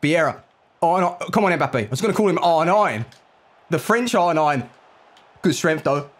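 A young man giving live commentary on his own football video game match, reacting out loud to every play. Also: a little high, animated, normal speed. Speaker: gaming YouTuber.

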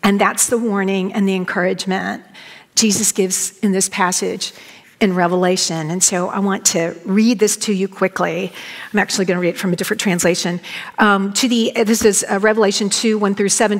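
A woman's voice: mid-range voice, fairly even intonation, normal speed. A woman preaching a sermon as a Bible teacher, folksy and emphatic, talking straight to the congregation. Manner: warm, folksy and emphatic, addressing the congregation directly. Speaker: Bible teacher, guest speaker. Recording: long reverb of a large hall.

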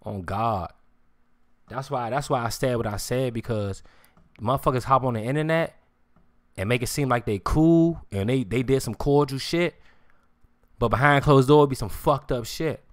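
A man's voice: medium pitch, moderate pace, no room sound. Guy streamer going off to his chat, lots of slang and cussing, keeps saying you hear me, dead dry sound. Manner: slang-heavy street talk. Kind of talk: casual live-stream rant.

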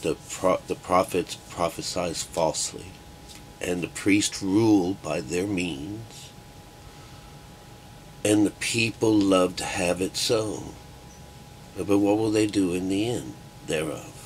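A middle-aged art teacher gives a rambling, profane monologue crammed with filler words. His voice sits low and he speaks slowly, with a little hiss or hum on the recording.

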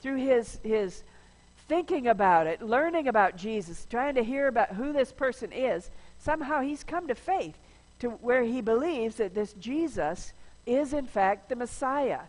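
A woman's voice: a little high, expressive, unhurried. A woman pastor giving a conversational sermon, chatty and informal, with frequent restarts. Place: large church sanctuary. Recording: long church reverb.

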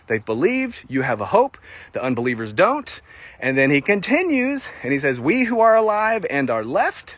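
A man giving a casual, animated Bible teaching during a walk-and-talk, laughing often and getting emotional. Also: a little high, breathy edge, no echo. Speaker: Christian ministry teacher.

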